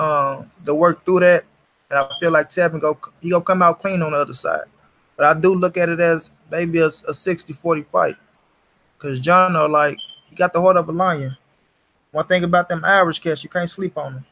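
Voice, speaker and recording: A man's voice: on the high side, a bit bright. A young man hosting a casual livestream, talking straight to his chat in slangy, profane street talk. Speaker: livestream host.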